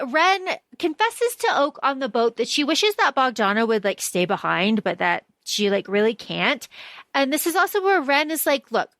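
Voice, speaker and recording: A woman's voice: sits high, fairly bright tone, no room sound. A woman co-hosting a casual book podcast, chatty and swearing freely as she acts out characters' lines. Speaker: podcast co-host.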